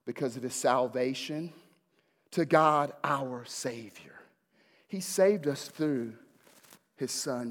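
A man preaching a sermon as pastor, fervent at his peaks and hushed at his close, repeating words as he builds emphasis. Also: mid-range voice, slow, pauses often. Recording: long hall reverb.

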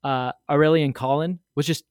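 Lively man telling a rambling story. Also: on the high side, moderate pace, smooth, dry recording, clean studio sound. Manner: rambling, animated storyteller with many fillers and asides. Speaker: guest sharing a fan memory. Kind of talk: casual storytelling.

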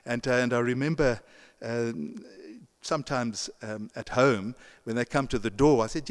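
In a church sanctuary, a male pastor preaches a sermon conversationally, with chuckling asides and frequent restarts. He has a mid-range voice at normal speed and a non-American English accent. The recording has a long church reverb.

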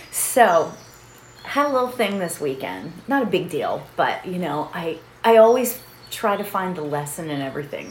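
A middle-aged woman hosting a meditation session in a casual, chatty way, laughing often and checking in with her listeners. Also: lowish voice. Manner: chatty, laughs often, keeps asking "right?". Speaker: meditation host. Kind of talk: casual chat leading a meditation. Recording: roomy echo with faint background noise.

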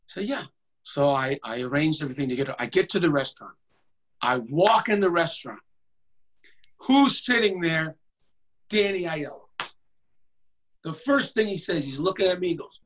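A man, a tenor singer, telling comic stories in a conversation in an animated way. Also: a little high, normal speed, long pauses, poor audio. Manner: animated, jumps into voices.

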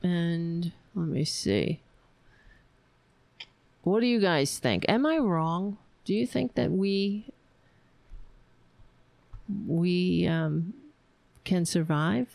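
A woman hosting a live stream, chatting casually in a rambling, halting way, reading viewer comments. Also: lowish voice, expressive, creaky, darkish tone, no room sound. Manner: rambling, halting, laughs often, chatty with cats. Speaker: livestream host.

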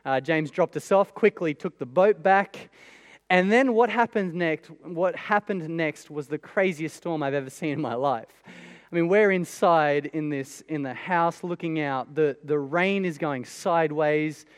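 A man's voice: a little high, unhurried, big-room sound. A man preaching a sermon in a conversational way, with many rhetorical questions. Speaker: pastor.

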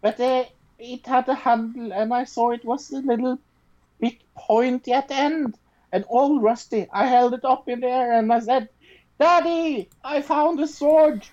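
Woman doing a high, breathless, mock-Swedish little girl, excited kid telling her story, dull lo-fi sound. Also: unhurried. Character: excited eight-year-old Swedish girl who found a sword.

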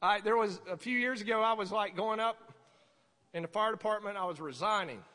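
A man preaching a sermon as pastor, conversational and animated, acting out voices in his stories. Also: high voice, brisk, long reverb tail.

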